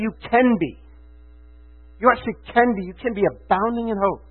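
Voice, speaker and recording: A fervent male preacher with a high, husky voice who swings between hushed asides and loud, emphatic declarations. The sound is thin and phone-like, with a mains hum underneath. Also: moderate pace. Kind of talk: sermon.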